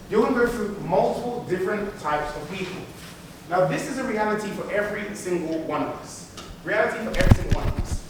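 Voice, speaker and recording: A man giving an animated motivational business keynote, repeating phrases for emphasis. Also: high-pitched. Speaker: keynote speaker. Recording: echoey hall, mic from far off, faint noise.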